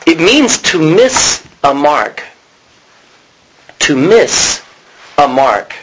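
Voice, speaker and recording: A man's voice: a little high, sing-song, very slow, a bit bright, poor audio. Man preaching a casual sermon. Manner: conversational, stops to correct himself, clears throat often. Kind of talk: sermon teaching.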